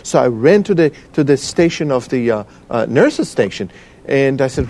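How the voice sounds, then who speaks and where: A man tells a personal story in an interview, pausing often and searching for his words. His voice sits at a middle pitch, and his delivery is earnest and full of feeling. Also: expressive, dark tone. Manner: halting, emotional storytelling with many fillers. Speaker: guest. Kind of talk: personal testimony.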